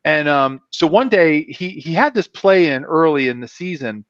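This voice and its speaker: A man, a former football player, tells stories on a fan show with a fairly high voice, acting out everyone he quotes. The sound is dry and dull, with no room at all. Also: normal speed, no room sound. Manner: animated, acts out voices in his stories. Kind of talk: casual storytelling on a fan show.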